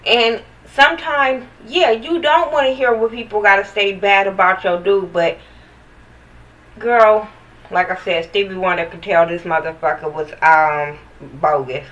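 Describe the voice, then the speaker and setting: A woman's voice: medium pitch, steady tone, measured pace, a bit bright, distant mic, lo-fi sound. A woman giving a blunt, profane, sassy recap of a reality TV episode in casual chat, talking straight to the viewers.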